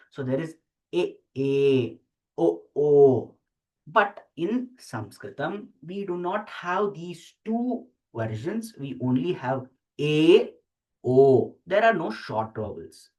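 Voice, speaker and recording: Slow teacher. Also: medium pitch. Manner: slow, deliberate, repeats sounds aloud for practice. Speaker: Sanskrit teacher. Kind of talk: explaining script while writing letters.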